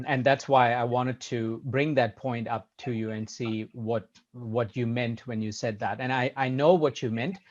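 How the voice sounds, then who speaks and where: A man hosting a podcast, talking in a measured, hedging way with many restarts. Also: medium pitch, fairly even intonation, muffled recording. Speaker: podcast host. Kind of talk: casual conversation.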